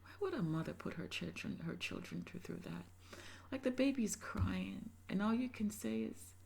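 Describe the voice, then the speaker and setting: A woman giving emotional reaction commentary, impassioned, moving between loud emphasis and soft whispery asides. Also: mid-range voice, wildly swooping pitch, normal speed, vocal fry. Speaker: reaction video creator.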